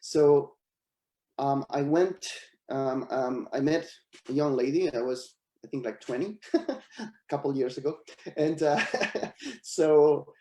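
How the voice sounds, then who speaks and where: A middle-aged Argentine man speaks English with an Argentine Spanish accent as a guest actor in a webinar, his fairly high voice coming through a video call with a roomy sound. He tells animated stories slowly, with long pauses and frequent laughs.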